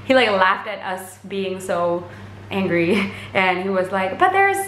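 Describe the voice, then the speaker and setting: Gushing bright-voiced woman in an echoey room. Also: medium pitch, fairly even intonation, slow pace, a little hiss or hum. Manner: gushing, chatty, filler-heavy retelling. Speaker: vlogger recounting a concert. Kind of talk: casual storytelling to camera.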